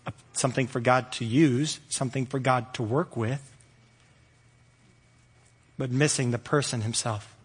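A man preaching a sermon with energy, rising loud and high when animated. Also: a little slow, pauses often, husky, long reverb tail. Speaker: pastor.

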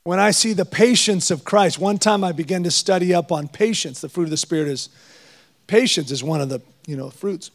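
A middle-aged man preaching a guest sermon, animated and storytelling with jokes. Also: high-pitched, a little fast.

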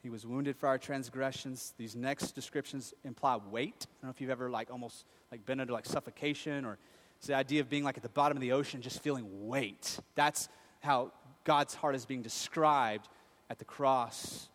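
A man's voice: medium pitch, steady tone, moderate pace. Man preaching a sermon in a reverberant hall. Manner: conversational, swings from quiet to rising emphatic peaks. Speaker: pastor.

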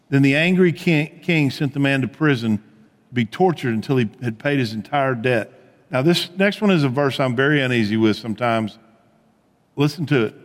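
A man preaching a sermon as pastor, telling stories in a conversational way and dropping to a hush on key points. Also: mid-range voice, moderate pace, big-room sound. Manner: conversational storytelling preacher, swings from animated to hushed.

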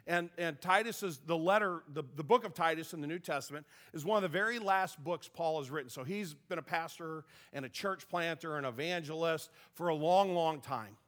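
A man's voice: a little high, a little fast, few pauses, fairly bright tone. A male pastor delivering a conversational sermon, with self-deprecating humor and frequent restarts.

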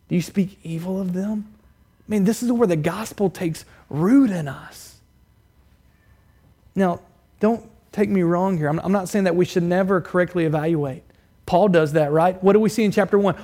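A man preaching a sermon in a church, firing rhetorical questions at the congregation, swinging between loud, raised emphasis and quiet, low appeals. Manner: asks the congregation many direct rhetorical questions; rises loud and high for emphasis, drops quiet and low to press a point. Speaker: pastor.

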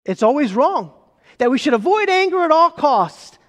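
High-voiced pastor preaching in a reverberant hall. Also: male voice, sing-song. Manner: emphatic, rhetorical questions, slows for key phrases. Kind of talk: sermon. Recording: long reverb of a large hall.

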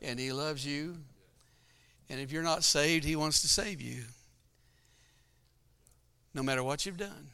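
A middle-aged man preaching a sermon through a personal story, his voice bright and crisp. He talks in a folksy, storytelling way and laughs often as he goes. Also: on the high side, a little slow, pauses often. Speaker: pastor. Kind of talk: sermon testimony.

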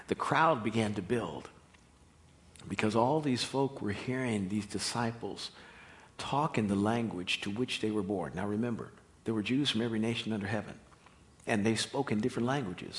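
A man with an American accent preaching a sermon in an emphatic, expressive delivery. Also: lowish voice.

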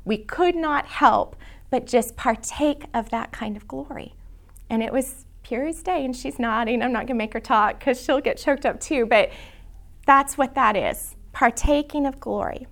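A middle-aged woman teaching a church prayer class, earnest and emotional, dropping into soft whispers when she quotes prayers. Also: high-pitched, moderate pace, gravelly.

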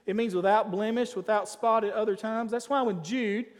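A man preaching a sermon as pastor, emphatic, swinging between loud declarations and quiet asides. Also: high-pitched, steady tone, moderate pace, big-room sound.

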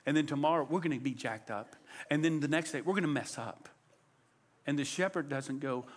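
A man preaching a sermon in an animated, conversational way, swinging his delivery for emphasis. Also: on the high side, fairly quick. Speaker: pastor.

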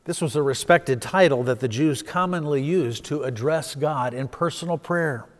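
A man preaching a sermon as pastor, telling a story and swelling with emphasis before dropping soft. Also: fairly high pitch, moderate pace, long reverb tail.

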